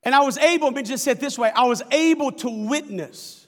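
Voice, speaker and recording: A man preaching a sermon, telling a story with animated, folksy asides to the congregation. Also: very high-pitched, normal speed, big-room sound. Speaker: pastor.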